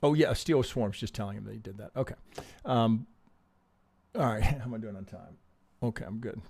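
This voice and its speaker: A man's voice: lowish voice, normal speed, vocal fry, a little mellow, slightly rough. Profane, emphatic male trading teacher. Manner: profane, emphatic, acts out trader reactions, keeps asking "right?". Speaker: trading teacher reviewing charts on a live stream. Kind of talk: animated live-stream chart analysis.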